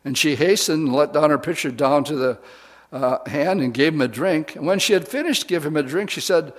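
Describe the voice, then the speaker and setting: A man's voice: on the high side, brisk. A man preaching a sermon, retelling a scripture story in casual, folksy words to a women's audience.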